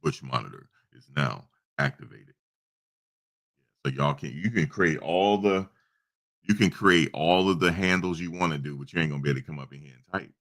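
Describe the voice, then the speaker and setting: A man's voice: sits low, brisk, fairly bright tone. A man hosting a casual livestream, telling a story and talking in a conversational, repetitive way with preachy asides. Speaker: YouTube livestream host.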